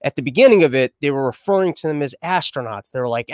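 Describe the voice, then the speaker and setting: A man's voice: medium pitch, lively intonation, fast talker, hardly any pauses, dry recording, clean studio sound. A man hosting a podcast, riffing on the news in a crude, irreverent, rambling way. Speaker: podcast host. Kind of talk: comedic news commentary.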